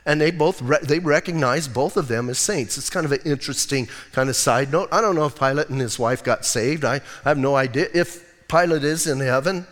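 A male pastor preaching in a church with long hall reverb. His voice sits a bit high for a man. He tells the scripture story in a loose, lively, chatty way. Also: fairly quick, few pauses. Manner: casual, animated Bible storytelling. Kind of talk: sermon. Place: church sanctuary.

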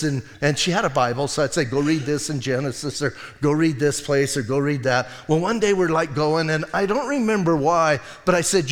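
A male pastor preaching a sermon, telling stories with lively acted quotes and laughter. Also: fairly high pitch, long reverb tail. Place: church sanctuary.

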